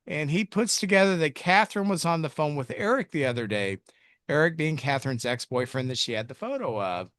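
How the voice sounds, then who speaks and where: A man's voice: on the high side, lively intonation, a little fast, fairly bright tone, no echo, clean studio sound. A man co-hosting a film review podcast, recapping the plot in a rambling, jokey way with self-mocking asides. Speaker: podcast co-host reviewing films. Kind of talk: casual chat recapping a movie plot.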